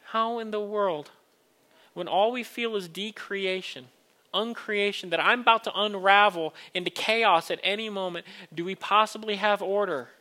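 A man's voice: high-pitched, moderate pace, pushed and bright. A man preaching a sermon to a congregation, earnest and building to emphatic questions. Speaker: pastor.

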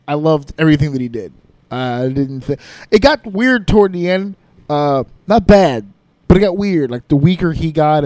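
A man's voice: on the high side, darkish tone, no echo. A man hosting his own podcast alone, chatting casually, rambling and correcting himself as he goes, with easy laughs. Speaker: podcast host. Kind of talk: casual solo podcast talk.

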